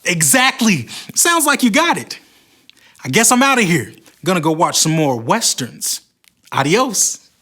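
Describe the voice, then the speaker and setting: Animated man telling a Bible story. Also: high voice, moderate pace. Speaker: Bible storyteller on a kids' show. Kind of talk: scripted Bible story narration.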